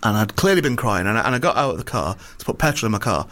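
Rambling, animated man. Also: fairly low pitch, racing. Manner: rambling, self-interrupting storyteller with lots of restarts. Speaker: comedian and podcast co-host. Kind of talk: casual chat, anecdote telling.

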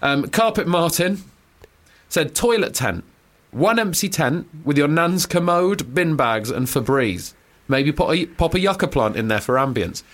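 A man co-hosting a radio rock show, chatting in quick, teasing, excited banter. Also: on the high side.

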